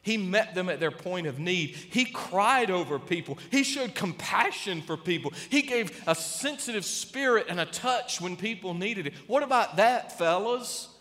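A man preaching a sermon to a church congregation, emphatic, with dramatic pauses and sudden swings between loud and soft. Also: high voice, lively intonation. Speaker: pastor. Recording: long reverb of a large hall.

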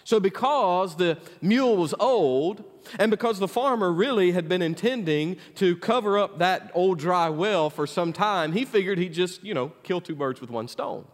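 A man preaches a sermon to his congregation in a high, ringing voice. His delivery is full of call-and-response, rising loud and then dropping to a hush. The sound rings with the long echo of a church hall. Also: expressive, normal speed. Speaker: pastor.

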